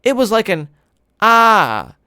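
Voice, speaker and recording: A woman reading aloud and voicing a young boy, a second grader who whines and protests in a high childish voice. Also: expressive, moderate pace, dry recording, studio quality, close to an everyday voice. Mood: protesting. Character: young boy, little brother, whiny.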